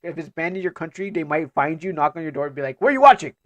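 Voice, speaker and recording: A man's voice: a little high, steady tone, quick pace, a bit bright, no room sound. A man streaming casually, reacting to game trailers as he talks, rambling and stammering with joking asides.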